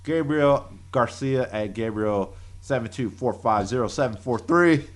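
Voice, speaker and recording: Slow-talking man on a podcast. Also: mid-range voice, slight background noise. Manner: slow, laughing, crude jokes. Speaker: podcast co-host. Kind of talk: casual podcast banter, reading tweets aloud.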